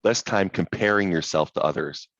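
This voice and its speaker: A man hosting a group coaching call, talking in an animated, motivational way over video call. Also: low-pitched, normal speed, dry recording, highs cut off. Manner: animated, motivational, quotes inner voices.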